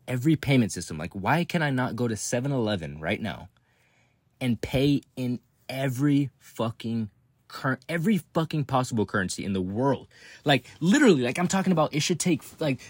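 Husky profane man ranting casually. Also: medium pitch, dry recording, clean studio sound. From Texas. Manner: profane, rambling, laughs often, swings up into excited outbursts. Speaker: podcast host.

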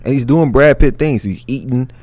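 A man's voice: mid-range voice, normal speed, darkish tone, no echo. A man co-hosting a casual podcast chat, laid-back and agreeable, chiming in with yeahs. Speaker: podcast co-host.

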